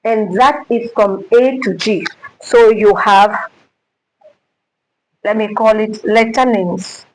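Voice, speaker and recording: A woman's voice: medium pitch, steady tone, slow pace, long pauses, low-quality recording. A woman teaching a music lesson, speaking emphatically, repeating herself and quizzing her listeners.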